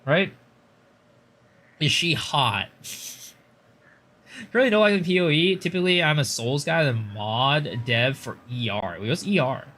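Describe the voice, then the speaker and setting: A young man streaming games, chatting casually and telling long rambling stories full of fillers, getting loud and exasperated when he rants. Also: on the high side, expressive, unhurried, pauses often. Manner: rambling anecdotal storytelling with many fillers. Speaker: game streamer. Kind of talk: casual live-stream chat.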